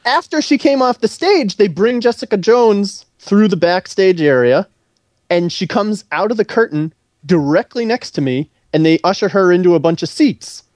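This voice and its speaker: A man co-hosting a podcast, telling a long story in casual chat, animated and swearing freely as he acts out what others said. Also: high-pitched, moderate pace, no echo, clean studio sound. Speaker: podcast co-host.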